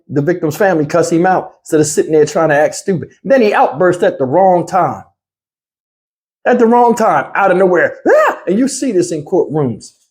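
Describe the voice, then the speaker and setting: A man running a reaction channel talks straight to his viewers in casual commentary that's blunt, heated, and full of slang. His voice is fairly high and a little mellow.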